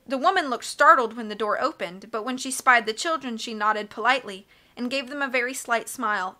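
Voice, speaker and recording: A woman reading a storybook aloud in a bright, fairly high voice. Her narration is lively and expressive, and she corrects small slips as she goes. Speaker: audiobook reader.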